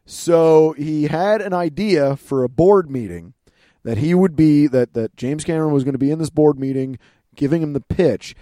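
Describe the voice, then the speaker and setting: A man's voice: a little high, moderate pace, warm tone, no room sound, clean studio sound. A man chatting casually as a podcast co-host, telling stories with frequent laughs, fillers and restarts. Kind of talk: casual chat.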